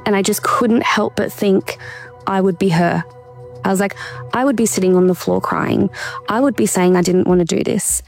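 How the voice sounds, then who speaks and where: A woman speaks in an earnest, measured way as a guest, her voice carrying a gravelly creak. She pauses and restarts as she works through her account. Faint music sits underneath. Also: medium pitch, darkish tone. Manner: measured, reflective, occasional restarts. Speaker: interview guest. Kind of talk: earnest personal account in conversation.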